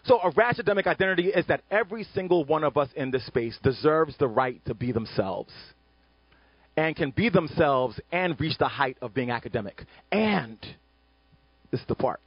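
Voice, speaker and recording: A man speaking as an author on an education panel, animated and emphatic, often checking in with "right?". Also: fairly high pitch, normal speed, slightly rough, dry recording, lo-fi sound. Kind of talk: panel discussion talk.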